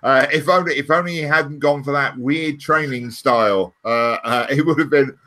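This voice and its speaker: Bright-voiced man, laughing easily. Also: medium pitch, moderate pace. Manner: amused, laughs often while reading comments. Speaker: co-host reading viewer comments. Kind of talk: casual fan chat.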